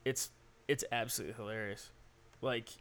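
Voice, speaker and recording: A man's voice: medium pitch, steady tone, normal speed, a bit bright. A man co-hosting a podcast, rambling and profane, often restarting his words. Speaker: podcast co-host. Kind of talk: casual podcast chat.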